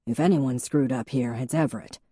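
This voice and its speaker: Wry male police chief, steady and deadpan, low voice from a woman narrator, dry recording. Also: a little fast, husky, no echo. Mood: steady, reassuring. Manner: deadpan, patient stare in the voice.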